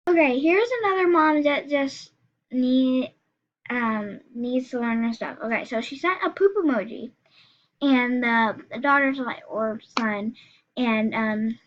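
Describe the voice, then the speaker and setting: A high-voiced teenage girl chatters loosely to her viewers, stumbling through restarts and fillers as she goes. The sound is a little dull and lo-fi, as if from a built-in mic. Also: unhurried, slight background noise. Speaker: YouTuber. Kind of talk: casual reaction vlog, reading texts aloud. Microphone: screen recorder, built-in mic.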